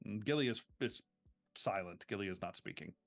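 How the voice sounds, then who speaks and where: A man runs a tabletop game as game master, his narration casual and loose with lots of "uh" and "like". His voice comes through thin and phone-like, with quiet music in the background. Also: fairly low pitch, fairly quick, gravelly. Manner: casual, filler-heavy narration. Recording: tinny phone-like stream audio.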